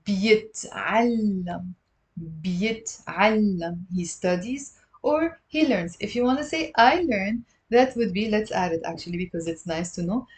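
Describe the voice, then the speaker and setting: Woman, online language teacher, patient, drills sounds slowly, mid-pitched voice, live-stream lesson on a webcam mic. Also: darkish tone. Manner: patient, explains step by step and drills pronunciation; answers viewer questions from live chat.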